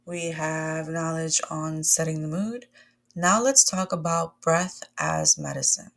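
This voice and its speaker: Guiding a breathwork lesson, a woman wellness coach talks to listeners in an encouraging, conversational way, addressing them as "my loves" and "y'all." She speaks slowly in a low, creaky, slightly bright voice.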